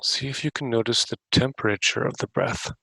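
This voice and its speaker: A man hosting a podcast, gently guiding a breathing meditation with unhurried questions to the listener. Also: medium pitch, steady tone, vocal fry, husky, no echo, poor audio. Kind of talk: guided meditation.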